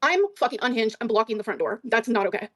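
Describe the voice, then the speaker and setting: Rapid-fire profane woman storyteller. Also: on the high side, fairly bright tone, no echo. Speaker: guest on a stream. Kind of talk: casual storytelling in a stream clip.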